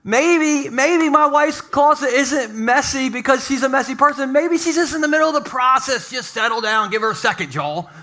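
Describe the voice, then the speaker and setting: A man's voice: extremely high pitch, pushed and bright. A man preaching a humorous sermon as a pastor in a church, talking in a playful, conversational way full of jokes. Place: church sanctuary.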